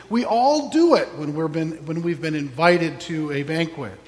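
A man's voice: a little high, animated, normal speed, hardly any pauses, in a large hall. A man preaching a sermon as pastor, reflective with wry asides.

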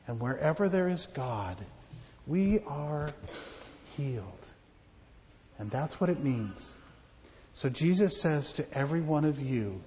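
Animated pastor telling children a story. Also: male voice, fairly high pitch, measured pace, pauses often, in a large hall, highs cut off, slight background noise. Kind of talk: children's sermon. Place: church.

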